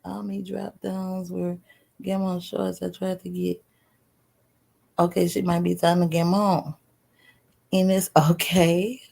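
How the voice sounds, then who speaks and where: A woman livestreaming, casually telling a story to her chat. She is animated, swears freely, laughs as she talks and keeps throwing questions to her viewers. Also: fairly low pitch, slow pace, vocal fry, long pauses. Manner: laughs while talking. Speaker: live streamer.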